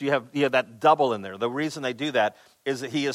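A man's voice: medium pitch, fast, few pauses, no echo. A male pastor preaching a sermon in a conversational way, with many fillers and repeated words, acting out quoted voices with rising emphasis.

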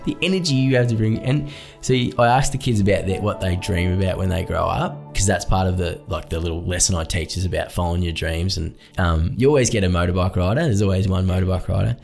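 A man with an Australian accent, a children's author chatting as an interview guest in a relaxed, self-deprecating way. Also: low-pitched, vocal fry. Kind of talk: casual interview chat.

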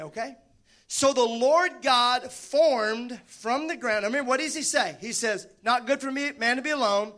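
Pastor, male, high bright voice, animated and joking in the pulpit. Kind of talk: sermon.

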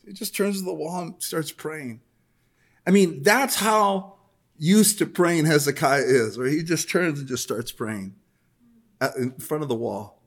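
A man's voice: on the high side, lively intonation, a little slow. A man preaching a sermon, mixing casual asides with scripture read aloud. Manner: conversational, reads scripture aloud with rising intensity.

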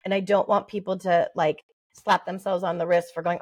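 A middle-aged woman giving parenting advice in a podcast interview, lively and acting out little exchanges with babies. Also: on the low side, fairly quick, husky. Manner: animated, acts out parent-baby talk. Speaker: guest, early development expert.

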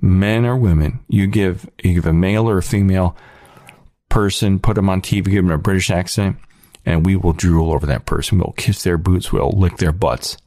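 A deep-voiced man rants sarcastically in a casual monologue for his channel. The recording is dry and close, with no room sound. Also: moderate pace, dark tone, no room sound. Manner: ranting, sarcastic. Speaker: channel host.

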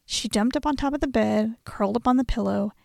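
A woman narrates as host of the show, reflective and unhurried in her storytelling. Her voice sits a little high with a gravelly fry, recorded dry and close. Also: darkish tone, no echo. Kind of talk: scripted narration.

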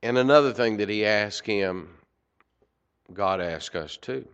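A man preaching a sermon, swinging from loud emphasis to quiet asides. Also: lowish voice, measured pace, clean tone. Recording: dull lo-fi recording.

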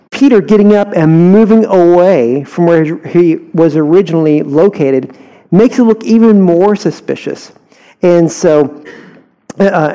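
Brief: Texan man teaching scripture, easygoing, mellow voice, slightly higher pitch. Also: rough recording. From Houston, Texas. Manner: conversational, asks listeners rhetorical questions. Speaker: Bible teacher. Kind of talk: verse-by-verse Bible teaching.

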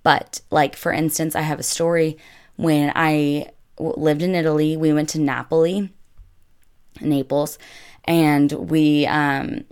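A young woman with a low-pitched voice, chatting her way through a story. She talks casually and loosely, stringing her sentences together with lots of filler words. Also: little pitch movement, slow pace, a little mellow, clean tone. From United States. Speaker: vlogger.

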